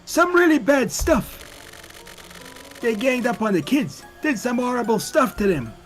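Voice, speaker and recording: A frail old man who wanders through his story as a witness in a game, put on by a man reading the lines. His voice sits high and swoops around, with a rambling, forgetful manner. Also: sing-song, a little slow, faint music behind, full character voice. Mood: grim.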